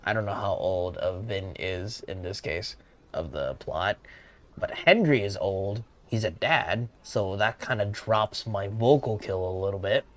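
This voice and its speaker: Excitable young man streaming a game. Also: lowish voice. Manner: excitable, laughing, slangy. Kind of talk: casual game stream commentary.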